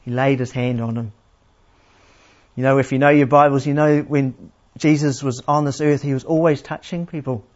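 A man preaching a sermon in a plain, unhurried teaching manner, asking his listeners questions. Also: mid-range voice, steady tone, darkish tone. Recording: slightly dull, lo-fi sound.

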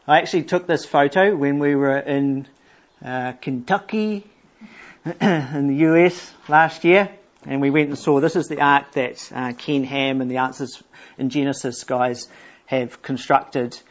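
Earnest preacher man, lo-fi recording. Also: medium pitch. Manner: earnest, explanatory, reads scripture aloud slowly. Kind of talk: sermon. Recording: dull lo-fi church recording.

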